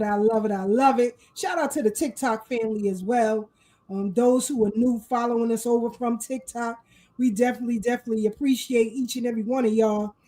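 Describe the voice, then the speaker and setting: A woman hosting a casual live talk show, animated and fired up, greeting her viewers with shout-outs. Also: high voice, low-quality recording. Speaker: host.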